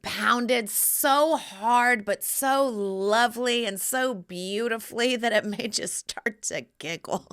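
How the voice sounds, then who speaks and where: A woman in her thirties hosting a podcast, telling candid stories in an animated, giggly way and acting out the quotes. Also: fairly high pitch, slow pace, clear, resonant tone. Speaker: podcast host. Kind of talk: candid solo podcast chat.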